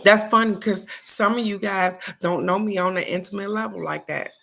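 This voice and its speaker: A woman's voice: mid-range voice, fairly even intonation, moderate pace, gravelly. An older woman, hosting a morning live stream and talking in a casual, heartfelt way to her viewers, often asking "guess what?". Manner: repetitive, warm-hearted, asks "guess what?".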